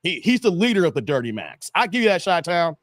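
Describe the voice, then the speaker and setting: A man hosting a casual livestream chat, animated and laughing often as he reads viewer comments and tells stories. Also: a little high, fast, no echo, clean studio sound. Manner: storytelling, acts out quotes. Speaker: host.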